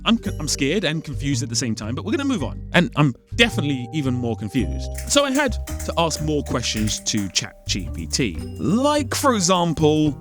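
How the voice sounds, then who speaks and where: A man delivers a comedic film-critique voice-over, sounding endlessly exasperated and incredulous. His voice leaps wildly between low grumbles and high squeaks, sitting a little above average pitch. Soft music plays underneath. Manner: exasperated, incredulous rhetorical questioning. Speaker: film commentator.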